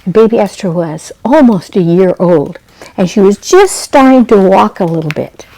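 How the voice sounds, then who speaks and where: Gravelly homespun woman storyteller. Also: mid-range voice, animated, normal speed, warm tone, low-quality recording. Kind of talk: oral storytelling to children.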